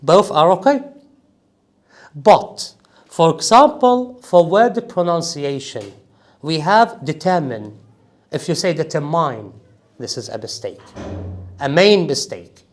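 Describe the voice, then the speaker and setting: Man, 40s, Iraqi Arabic accent, IELTS trainer, classroom lecture, high voice, emphatic, keeps checking the class understands. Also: very animated, slow, pauses often. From Iraq. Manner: emphatic, checks in with "okay?" and "is that clear?".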